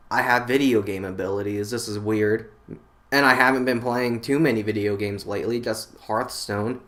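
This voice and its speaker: A man's voice: mid-range voice, fairly bright tone. Man in a mid-range voice, telling a dream story casually on camera, rambling and restarting often. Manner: rambling, lots of fillers and restarts. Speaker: channel host.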